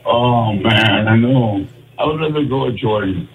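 A man calling into a sports radio show, an excitable fan. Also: mid-range voice, measured pace, phone-quality sound, a loud crowd. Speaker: radio caller. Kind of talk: call-in talk radio.

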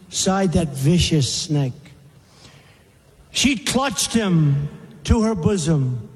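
Man, rally speech, dramatic poem recitation, slow, long hall reverb. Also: sits high, very animated. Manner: emphatic, repetitive, dramatic recitation. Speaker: speaker at a rally.

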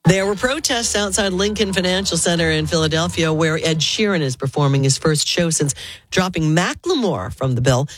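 A woman, a news anchor, reading a radio newscast in a crisp, brisk way. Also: low-pitched, dry recording.

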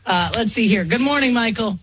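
A man's voice: sits high, fairly quick, crowd noise. A man hosting a morning radio show, casually taking callers. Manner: easygoing, greets callers. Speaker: radio host.

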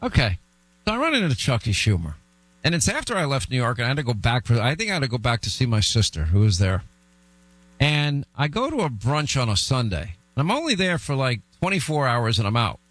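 Animated, blunt male talk show host. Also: mid-range voice, brisk, no room sound, poor audio. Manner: blunt, animated storytelling with restarts. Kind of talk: opinionated political talk.

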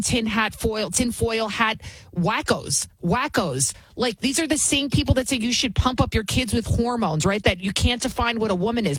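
A woman's voice: on the high side, breathy edge, dry recording, poor audio. A middle-aged woman hosting her own show, giving emphatic, indignant commentary and repeating points for stress. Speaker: show host. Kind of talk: opinionated commentary.

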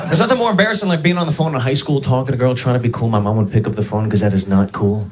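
A man's voice: medium pitch, fast talker. A male comedian telling family stories in a stand-up set, wry and conversational. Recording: live set with crowd laughter.

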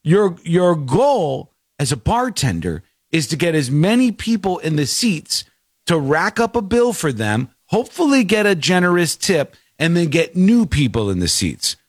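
A man's voice: on the high side, very animated, measured pace, husky, no room sound, clean studio sound. A man hosting a talk show, ranting in casual banter with mock outrage.

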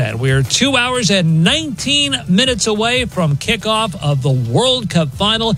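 A man anchoring a sports news update on a talk show, brisk and joking. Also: high voice, a bit bright, rough recording. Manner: brisk, joking, briefly puts on a mock British accent.

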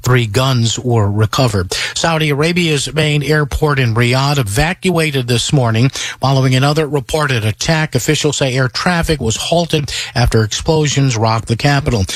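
A male newscaster reading a radio news bulletin in a crisp, measured way. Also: mid-range voice, no echo.

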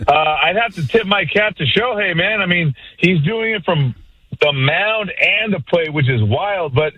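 A male caller chats with the host in a relaxed way. His voice sits a little high and has a husky edge. He comes through a tinny, narrow phone line. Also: a little slow, dry recording. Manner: laid-back, chatty, calls people bro and boys. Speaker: radio caller. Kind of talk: casual phone call.

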